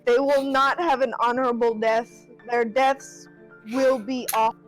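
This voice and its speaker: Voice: medium pitch, level tone, unhurried, lightly acted, low-quality recording. A brutal half-orc warrior, as a player puts him on in a tabletop game, promising awful deaths to his foes. His voice sits in a middling register, and faint music plays underneath. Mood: menacing. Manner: growling menace, vows of violence. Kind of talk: in-character tabletop role-play.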